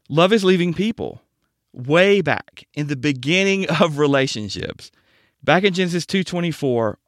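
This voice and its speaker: A man with a slightly high voice gives a Bible-based teaching talk on marriage. He speaks in a measured, emphatic way and slows right down on the words he wants to land. The sound is dry and close, with no room around it. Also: no echo.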